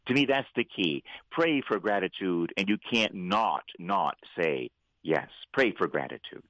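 A priest hosting a Catholic radio show, preaching fervently and leading prayer. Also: male voice, low-pitched, a little slow, no echo, low-quality recording. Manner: fervent, preacherly, animated when voicing God. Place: radio studio.

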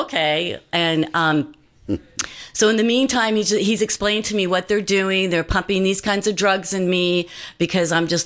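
A woman's voice: on the low side, fairly bright tone. A woman guest giving an earnest personal testimony in casual talk, with many fillers and restarts.

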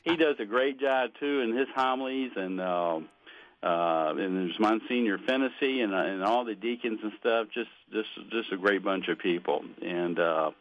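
An older man with a slightly low voice speaks casually on live radio. He talks in a halting, earnest way and often stumbles and repeats words as he gives his thanks. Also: dull audio. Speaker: radio guest. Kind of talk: casual chat.

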